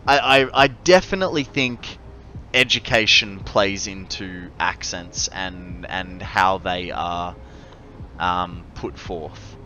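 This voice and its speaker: Slow-talking Australian streamer man. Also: deep voice, sharp tone, muffled recording, slight background noise. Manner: rambling, chatty, friendly to chat. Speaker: game streamer. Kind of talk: casual live-stream chat while gaming.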